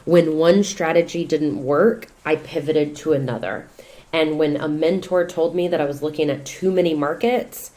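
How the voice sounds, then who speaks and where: A woman, a real estate investor and coach, talking as a podcast guest in lively, expressive storytelling. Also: sits low. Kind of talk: casual podcast conversation.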